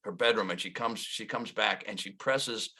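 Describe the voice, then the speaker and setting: Sixties male stand-up comic, Wisconsin native, bright tone, rambling halting delivery. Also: fairly low pitch, breathy edge. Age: 60s. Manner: rambling storyteller, lots of uh and restarts. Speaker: stand-up comedian. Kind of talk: stand-up comedy set.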